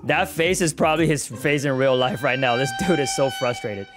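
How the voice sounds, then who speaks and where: A man's voice: medium pitch, moderate pace, over loud music. A young man giving playful gameplay commentary, laughing often and teasing other players. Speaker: gaming YouTuber.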